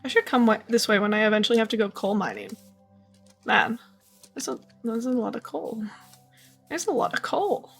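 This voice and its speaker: A woman streamer talks her way through a game, murmuring and repeating small phrases in a playful, sleepy way. Her voice sits a little high. Faint music plays behind her. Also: a little fast, vocal fry. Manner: chatty, muttering to herself, playful, repeats phrases. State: yawning, tired. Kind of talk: casual gameplay commentary.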